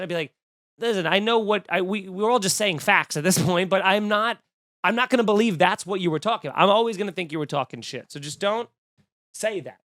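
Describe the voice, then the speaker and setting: Young guy comic ranting on his podcast, higher voice, smooth and clear, dry close sound. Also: no room sound. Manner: animated, acts out quoted voices. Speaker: comedian podcast host. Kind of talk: casual comedic rant.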